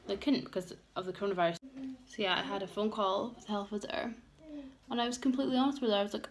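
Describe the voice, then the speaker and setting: A woman's voice: medium pitch, steady tone, very fast. A young woman vlogging a candid get-ready-with-me chat, open and emotional, rambling with many fillers. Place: home room with children around. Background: noisy household.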